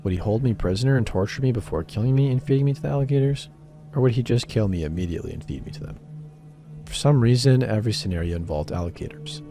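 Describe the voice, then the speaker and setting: Male horror narrator, deep warm tone, wry and measured, soft music bed. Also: expressive. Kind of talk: scripted first-person narration.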